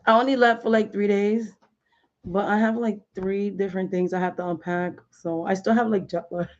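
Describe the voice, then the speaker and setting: A woman's voice: mid-range voice, normal speed. Chatty woman on a muffled live stream. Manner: chatty, animated, slangy with many fillers. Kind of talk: casual live-stream chat. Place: home. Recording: dull lo-fi stream audio.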